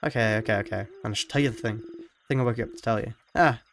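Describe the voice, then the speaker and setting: A man doing an awkward hushed young man. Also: lowish voice, noisy background, close to an everyday voice. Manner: quiet, halting. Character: awkward young male companion.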